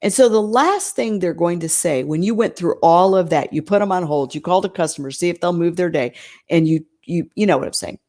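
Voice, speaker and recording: Low-voiced woman coaching business owners. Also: brisk, mellow. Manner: emphatic, conversational, frequent "right?".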